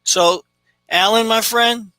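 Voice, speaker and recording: A man's voice: high-pitched, fairly even intonation, slow pace, pushed and bright, smooth, no room sound, soft background music. A man hosting a casual web show, chatting upbeat and wrapping up the episode. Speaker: host.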